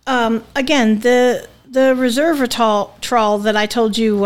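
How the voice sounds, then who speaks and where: A woman's voice: fairly high pitch, steady tone, slow, hardly any pauses. A woman co-hosting a podcast in casual chat, with a Southern US accent that slips into New England, talking bluntly and joking crudely. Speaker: podcast co-host.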